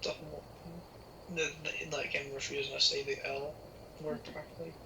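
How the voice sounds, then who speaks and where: A man chatting casually on a stream, calm and dry with brief replies. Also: on the high side, normal speed, vocal fry, a little hiss or hum, low-quality recording. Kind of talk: casual chat.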